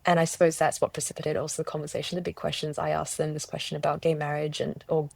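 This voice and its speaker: Her voice sits low, dark and gravelly, and she delivers it fast and flat, with no room sound. As a guest in conversation, this Australian woman gives personal testimony earnestly, searching for words, restarting often and quoting herself.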